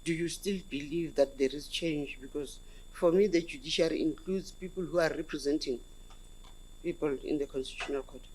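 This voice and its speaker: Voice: mid-range voice, fairly quick, darkish tone, rough recording. A South African commissioner questioning a candidate, hesitant and repeating words before pressing the point. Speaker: commissioner on interview panel.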